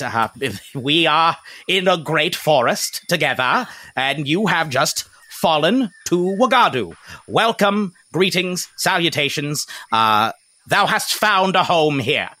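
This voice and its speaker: A man's voice: fairly high pitch, animated, slow pace, sharp tone, exaggerated voice. A man voicing a cheerful male forest being who speaks in formal, archaic thees and thous. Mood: jovial.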